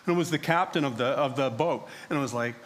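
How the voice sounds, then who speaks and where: A man's voice: mid-range voice, fast talker. A man preaching a sermon as a first-person dramatic monologue, telling the story in character as a prophet and acting out the other voices in it. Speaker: pastor. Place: church sanctuary.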